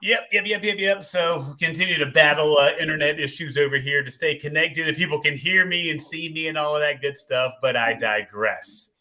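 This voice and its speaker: A man hosting a casual live-stream show, upbeat and quick to agree. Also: fairly high pitch, pushed and bright. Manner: upbeat, repeats yep and agreed. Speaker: host of a live tailgating show.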